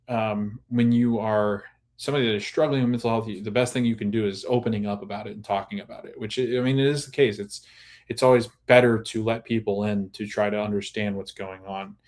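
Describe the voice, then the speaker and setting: A podcast host with a fairly low, slightly mellow voice recaps a TV episode in a casual, rambling way. He keeps restarting, says "like" a lot, and laughs now and then.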